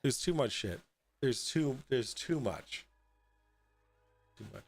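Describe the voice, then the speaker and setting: A young adult man hosting a casual livestream from home, tipsy, rambling and halting with lots of fillers and swearing. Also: medium pitch, lively intonation, husky, no echo. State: tipsy from drinking. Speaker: host. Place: at home in an apartment.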